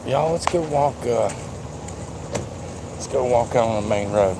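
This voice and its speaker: A man's voice: mid-range voice, unhurried. A man rambling in a casual walkaround vlog at a car dealership lot, folksy and dropping the odd mild swear, recorded on a handheld phone. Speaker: vlogger. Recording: outdoor traffic noise behind.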